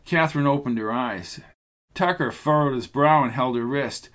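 Male narrator, mid pitch, steady even storytelling read. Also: moderate pace. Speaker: audiobook narrator. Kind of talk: scripted narration.

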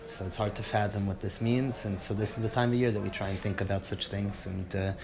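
Gravelly man giving a Torah class. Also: steady tone. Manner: halting, many restarts and fillers; moves between low reflective talk and loud fervent teaching. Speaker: Torah teacher.

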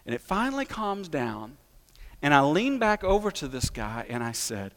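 A man's voice: a little high, very animated, normal speed, a bit bright. A man preaching a sermon as pastor, telling stories and building to emphatic peaks. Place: church sanctuary. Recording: long hall reverb.

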